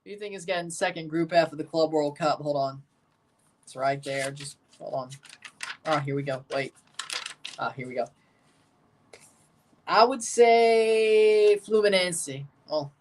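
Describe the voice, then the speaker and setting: A man's voice: a little high, flat delivery, moderate pace, pauses often, a little hiss or hum. A man streaming casual, opinionated commentary as he watches a football match and talks to his viewers.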